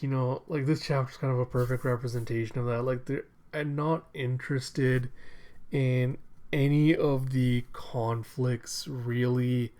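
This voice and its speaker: A man's voice: medium pitch, darkish tone. Rambling young man reviewing a manga. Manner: rambling, many fillers.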